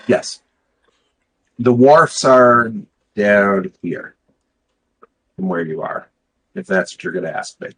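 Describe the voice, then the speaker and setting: Man, game master, lowish voice, plain and explanatory. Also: animated, takes it slowly, long pauses, a bit bright, low-quality recording. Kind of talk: explaining game rules and setting.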